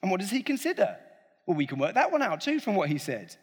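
A male preacher giving a chatty, humorous sermon with a slightly husky voice that swings widely in pitch. He speaks from a large hall, and a long reverb trails his words. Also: sing-song, fast talker. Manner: conversational, joking, addresses the congregation directly.

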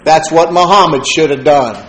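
A man delivers a sermon with fervor, quoting scripture and speaking to congregants by name. His voice sits a little high. The room is echoey, with a faint hum of noise behind him. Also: normal speed. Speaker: pastor.

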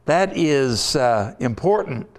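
A man preaching a sermon as pastor, deliberate and emphatic, building points through repetition. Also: medium pitch, animated.

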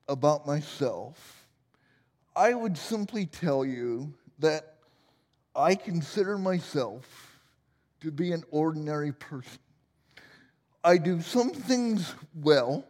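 A man's voice: a little high, a little mellow, in a large hall. A man in his forties preaching a sermon in a church, joking and self-deprecating as he tells stories. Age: 40s. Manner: humorous, self-deprecating storytelling. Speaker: pastor. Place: church sanctuary.

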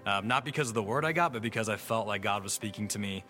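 A man giving a personal church testimony in a halting way, with frequent restarts. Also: on the low side, bright, forceful tone. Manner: halting, many fillers and restarts. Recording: music playing underneath. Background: faint music.

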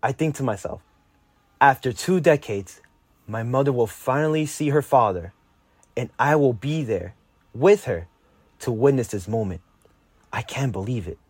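A teenage boy reading a personal story aloud, lively and lifting his voice for his own quoted lines. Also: normal speed, long pauses, husky, dry recording. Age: teens. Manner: lively, jumps higher when quoting his younger self. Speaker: narrator.

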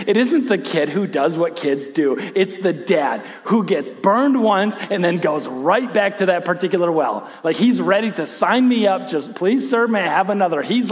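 A man preaching a sermon, animated in his storytelling, who acts out quoted lines and drops to a hushed intensity. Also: high-pitched, in a large hall. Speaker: pastor.

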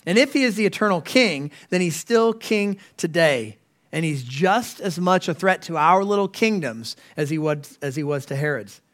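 High-voiced man preaching a sermon. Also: animated, moderate pace, a bit bright. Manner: earnest preaching with rhetorical questions. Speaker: pastor.

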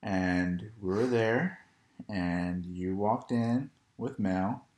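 A man's voice: sits low, extremely slow, a little mellow. Young male co-host, easygoing storyteller, echoey room. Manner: laid-back, storytelling, laughs often. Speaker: podcast co-host. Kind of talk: casual chat.

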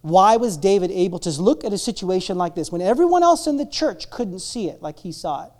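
A man preaching a sermon, swinging between loud, drawn-out preaching and quiet asides, acting out the people in the story. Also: high-pitched, animated. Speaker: pastor.

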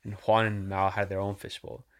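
A man's voice: lowish voice, flat delivery, moderate pace. A young man telling a rambling, profane story in casual chat, saying "dude" and "like" all the time.

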